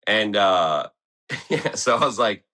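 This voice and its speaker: Deep, bright-toned Australian man. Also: expressive, slow. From Tasmania, Australia. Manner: laid-back, swears often, laughs through his story. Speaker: guest skateboarder. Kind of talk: casual interview storytelling. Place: podcast studio.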